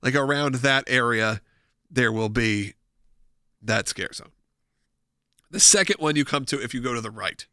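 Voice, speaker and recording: A man's voice: mid-range voice, measured pace, long pauses, pushed and bright, no echo, studio quality. A young man co-hosting a casual chat show, conversational and teasing, often trailing off mid-sentence. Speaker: podcast co-host.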